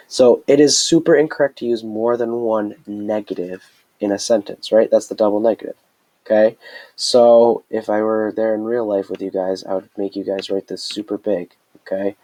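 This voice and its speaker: A man's voice: on the low side, a little mellow, low-quality recording. A man teaching a Spanish grammar lesson in a recorded screencast, chatty and explaining step by step with frequent checks.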